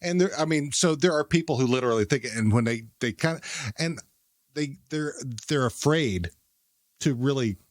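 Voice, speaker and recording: A man from Texas with a Southern accent, the podcast's producer, speaking haltingly and softly in casual chat. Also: medium pitch, animated, no echo, studio quality. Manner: halting, restarts often, soft-spoken.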